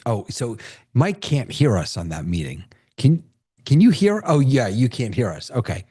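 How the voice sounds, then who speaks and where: A man hosting a casual video call, excitable, laughing often and restarting his sentences. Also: medium pitch, moderate pace, husky. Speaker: host of a video-call tech meetup. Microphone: computer mic on a video call.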